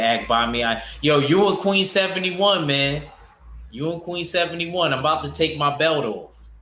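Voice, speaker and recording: A man's voice: a little high, bright, forceful tone, reverberant. Rambling man chatting to a livestream. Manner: loose, rambling, talks back to chat. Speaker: boxing show host reading chat. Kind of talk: casual livestream chat.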